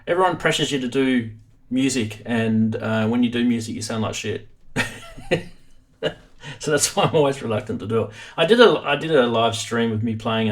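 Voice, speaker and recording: An Australian man hosting a live stream from his home studio, chatting casually in a self-deprecating way. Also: mid-range voice.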